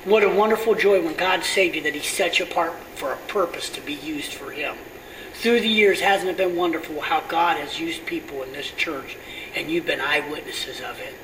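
A middle-aged pastor telling a story in a sermon, often sinking to a hushed near-whisper. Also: male voice, on the high side, moderate pace. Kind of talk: sermon testimony. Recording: distant mic with steady air conditioning hum.

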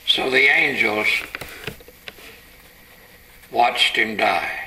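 A man preaching a sermon, telling the story dramatically and building to shouted climaxes. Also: medium pitch, very slow, slight background noise, rough recording.

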